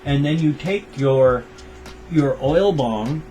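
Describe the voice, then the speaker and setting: A man's voice: medium pitch, animated, slow, dark tone. An older American man rambling in a casual daily vlog, tender and repetitive as he talks about his pets. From United States. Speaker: vlogger.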